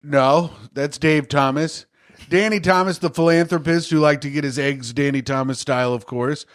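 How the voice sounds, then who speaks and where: A man's voice: a little high, fairly even intonation, moderate pace. Joking podcast man in his thirties. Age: 30s. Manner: crude, joking, riffing. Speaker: podcast co-host. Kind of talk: casual comedic chat, reading news aloud.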